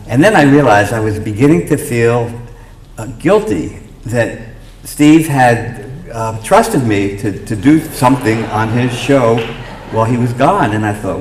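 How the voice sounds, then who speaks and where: An older man with a New York accent telling a halting anecdote from a theater stage, full of fillers and restarts. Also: lowish voice, slight background noise. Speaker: memorial speaker. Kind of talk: storytelling anecdote at a memorial. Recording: roomy theater sound with faint ambience.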